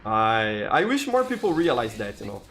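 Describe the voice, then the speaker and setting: A man's voice: on the low side, wildly swooping pitch, moderate pace, fairly bright tone. A man from Brazil with a Brazilian Portuguese accent, chatting with viewers while he plays a game live, with many "you know"s and restarts. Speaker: game streamer. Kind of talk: live gameplay commentary.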